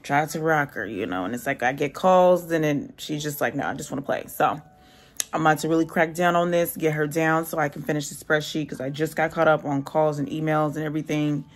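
Low-voiced woman chatting through a tired home vlog. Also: steady tone, fairly quick. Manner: chatty, loose, lots of "like" and laughs. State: tired, drained. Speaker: vlogger, single mom working from home. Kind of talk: casual vlog chat to camera. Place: home kitchen. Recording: noisy home ambience.

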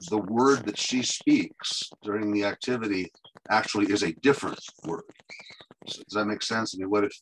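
A man's voice: on the low side, a bit bright, a little hiss or hum, poor audio. A man in a teacher training session, asking questions and thinking aloud as he goes. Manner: thinks aloud, hesitant with fillers and restarts.

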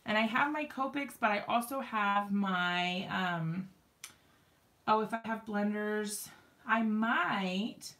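A woman's voice: medium pitch, slow, pushed and bright. A woman hosting a crafting live stream from her home craft room, chatting casually and giggling, with many ums and likes.

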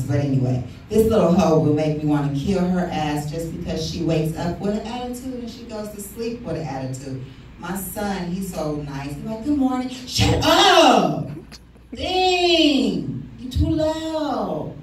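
A woman's voice: deep voice, animated, moderate pace, warm tone, a little hiss or hum. A woman in her thirties doing a stand-up set, brash and profane, teasing the crowd. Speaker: stand-up comic. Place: comedy club stage. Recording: echoey club room from far off.

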